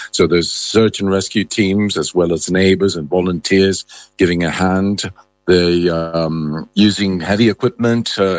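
A man reporting as a correspondent in a live news interview, halting with many fillers and restarts. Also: low-pitched, no room sound.

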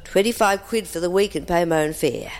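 A woman's voice: on the low side, brisk. A woman telling an amused, reminiscing anecdote and acting out the people in it. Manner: lively, amused, acts out the other people in the story. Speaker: storyteller. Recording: long reverb.

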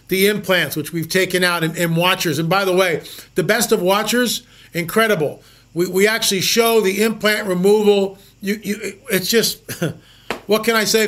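High-voiced man telling stories emphatically. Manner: animated, emphatic storytelling with rhetorical questions. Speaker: host. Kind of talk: storytelling monologue.

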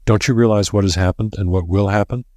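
A man's voice: fairly low pitch, steady tone, dark tone, no echo, clean studio sound, natural voice. A man voicing a grim, solemn old professor who lays out grave warnings in a storybook reading. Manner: grave and deliberate.

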